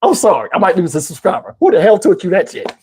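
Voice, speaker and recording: A man telling a story in a casual, animated way, swearing freely and acting out what people said. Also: sits high, fast talker, slightly rough. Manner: animated, profane, acts out quotes. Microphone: wireless lapel mic.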